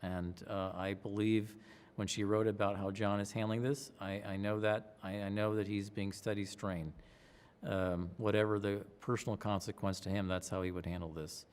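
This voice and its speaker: A middle-aged man in an interview, telling lively anecdotes and slipping into other people's voices as he recalls them. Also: on the low side, moderate pace, in a large hall. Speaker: pollster interviewee.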